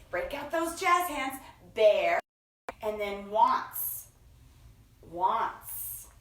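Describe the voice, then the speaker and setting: A woman hosting a children's story time, reading picture books aloud in an expressive sing-song way with gasps and acted voices. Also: high-pitched. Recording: echoey room, from far off.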